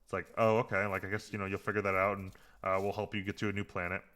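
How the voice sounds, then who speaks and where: A man's voice: low-pitched, very fast. A man co-hosting a podcast, talking casually with lots of fillers and getting heated as he picks apart a TV episode. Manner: rambling, filler-heavy, gets heated and animated. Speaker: podcast co-host. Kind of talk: casual chat recapping a TV episode.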